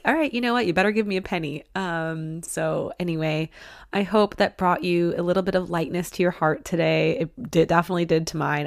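A woman hosting a spiritual podcast, reading listener stories aloud and chatting warmly and emotionally, laughing often. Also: deep voice, vocal fry, dry recording, clean studio sound. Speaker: podcast host.

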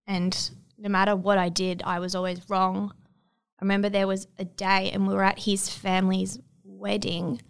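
A young woman in her twenties, giving a reflective, halting personal testimony in an interview. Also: medium pitch, gravelly. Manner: reflective, halting, many fillers.

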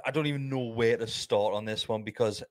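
A man's voice: medium pitch, moderate pace, dry recording. A man hosting a casual football podcast, swearing freely and leading the talk. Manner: swears freely, leads the discussion.

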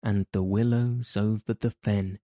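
A man narrating a classic adventure novel in a measured storytelling manner. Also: on the low side, fairly even intonation, warm tone, dry recording, clean studio sound. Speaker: audiobook narrator. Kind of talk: scripted narration.

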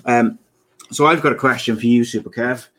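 A man in his late thirties chatting casually as a podcast co-host. He's full of jokey banter and laughs easily, and his voice sits at an ordinary middle pitch. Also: fairly even intonation, a little fast, a bit bright, slight background noise. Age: 30s. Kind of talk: casual chat.

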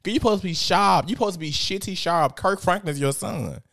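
A man's voice: high-pitched, fairly quick, creaky, a bit bright. Profane, gossipy male commentator. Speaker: commentary host. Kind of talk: casual commentary.

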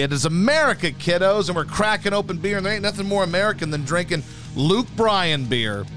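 A man's voice: high-pitched, bright, forceful tone. A man in his thirties hosting a casual podcast, ranting emphatically and swearing a lot. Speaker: podcast host. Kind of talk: casual opinionated chat.

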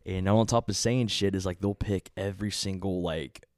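A man's voice: low-pitched, steady tone, moderate pace, a little mellow, dry recording, studio quality. A man in his thirties in casual late-night chat, laid-back and profane, filling his talk with "dude" and "like". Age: 30s.

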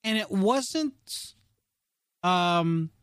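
A man co-hosting a casual podcast, telling a story with many restarts and lively quoted voices. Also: high voice, extremely slow, smooth, no echo. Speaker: podcast co-host.

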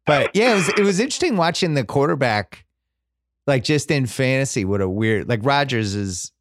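A man's voice: mid-range voice, lively intonation, normal speed, no echo, clean studio sound. A man hosting a podcast, chatting casually about football in a rambling, wry way that keeps restarting its sentences. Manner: rambling, self-interrupting, wry. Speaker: podcast host. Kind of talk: casual sports chat.

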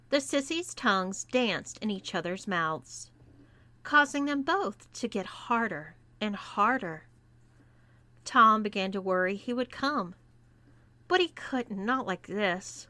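A woman reading a scripted story aloud as narrator, in a deliberate manner. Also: medium pitch, animated, pushed and bright, no echo. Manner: slow and deliberate. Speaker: erotica reader.

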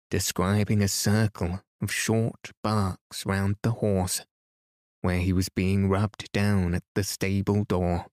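A man reads a classic story for sleep in a low, very slow and soothing voice. The sound is dry and close, with nothing behind it. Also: no room sound. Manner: calm, soothing and measured. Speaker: podcast host and reader. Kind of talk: bedtime story reading.

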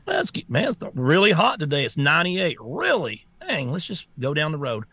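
A man's voice: on the high side, huge pitch swings, brisk, pushed and bright, slightly rough, no room sound, heavily acted. A man putting on the voice of a gullible fool who gasps in exaggerated alarm. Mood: mocking. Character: gullible man, easily fooled, gasping.

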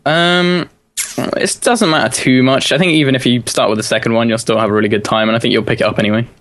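A man's voice: mid-range voice, fairly even intonation, quick pace, a bit bright. Tired, laid-back young man on a video call. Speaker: podcast guest. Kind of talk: casual chat.

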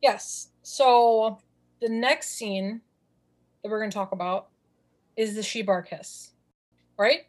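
This podcast co-host is a woman from southeastern Wisconsin, chatting casually with enthusiasm. Her medium-pitched voice moves slowly with long pauses, and she repeats words for emphasis.

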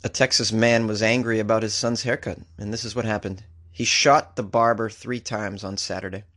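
A man's voice: on the low side, fairly even intonation, normal speed, a bit bright. Wry man hosting a comedy news podcast. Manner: wry, jokey asides between news items. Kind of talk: comic daily news podcast. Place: recording in Los Angeles.

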